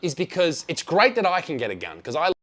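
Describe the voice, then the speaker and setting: A man's voice: fairly high pitch, huge pitch swings, a little fast, fairly bright tone. A man with an Australian accent giving a blunt, profane and sarcastic travel review. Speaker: travel vlogger.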